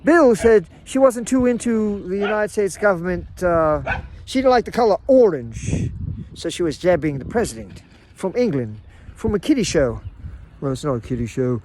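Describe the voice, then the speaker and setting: A man's voice: a little high, darkish tone, a little hiss or hum. A middle-aged man vlogging in a casual, rambling monologue, with frequent stammers and restarts.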